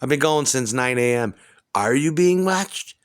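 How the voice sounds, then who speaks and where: A man's voice: mid-range voice, expressive, a little slow, clear, resonant tone. A man at home delivering an agitated, profane, rambling rant. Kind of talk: rambling monologue to camera. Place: at home indoors.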